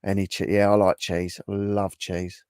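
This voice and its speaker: A man's voice: low-pitched, level tone, normal speed, darkish tone, clear, resonant tone, no room sound, studio quality. Chatty man hosting a live chat. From England. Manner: chatty, reacting to viewer comments. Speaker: livestream host.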